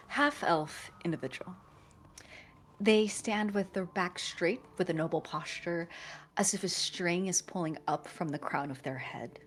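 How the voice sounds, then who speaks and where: A woman playing in a tabletop role-playing game, describing her character in a measured, descriptive way. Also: fairly low pitch, slight background noise. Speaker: player.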